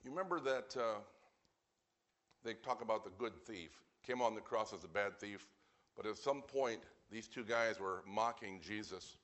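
With a voice that sits on the low side yet carries a bit of brightness, a man preaches as pastor at an evening service. His delivery is plain and sincere, dotted with dry remarks, and he lingers weightily over the scripture readings.

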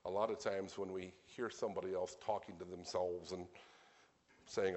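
Deep-voiced man preaching a sermon. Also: fairly even intonation, moderate pace. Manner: earnest, emphatic preaching with sudden swells in loudness.

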